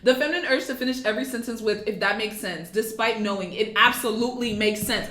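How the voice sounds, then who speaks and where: A young American woman from Texas hosting a casual vlog, playful and jokey, swinging between loud outbursts and mutters. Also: fairly high pitch, fast, hardly any pauses, noisy background. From Texas, USA. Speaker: YouTuber host. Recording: roomy echo with music behind.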